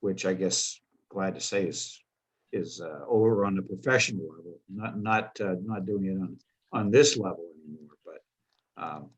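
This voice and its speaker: Low husky guy on a panel, keeps restarting his sentences. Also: poor audio. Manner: halting, many restarts. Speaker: collector on a panel. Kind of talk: casual panel chat.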